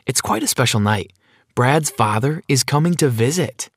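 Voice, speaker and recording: A man's voice: mid-range voice, expressive, moderate pace, a bit bright, slight background noise, voice pushed up, close to an everyday voice. A man doing a fussy, insistent mother.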